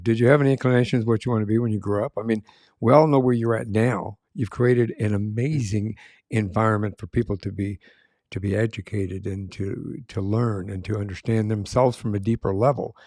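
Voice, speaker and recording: A man's voice: lowish voice, steady tone, fairly quick, dark tone, dry recording, clean studio sound. A man hosting a podcast interview, affirming his guest and asking long, winding questions. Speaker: podcast host. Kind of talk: interview conversation.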